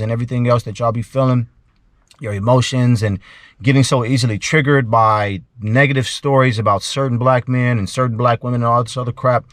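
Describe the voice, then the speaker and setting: A man hosting a commentary show, talking in a preachy monologue and often clearing his throat. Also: mid-range voice, fairly bright tone, no echo, clean studio sound.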